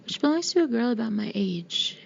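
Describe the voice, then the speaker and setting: Breathy, gravelly woman narrating an audiobook. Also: a little high, very animated, a little fast, muffled recording, a little hiss or hum. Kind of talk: scripted first-person audiobook narration.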